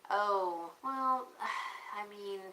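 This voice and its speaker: A woman's voice: mid-range voice, very slow, sharp tone. A woman hosting a livestream auction, chatting casually and rambling while she answers viewer comments. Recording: echoey room with faint background noise.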